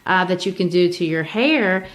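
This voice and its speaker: A woman from Brazil hosts a casual literature podcast, talking through a play in a chatty, explanatory way. Her voice sits slightly low, and she often restarts her sentences as she thinks aloud. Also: moderate pace. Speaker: podcast host.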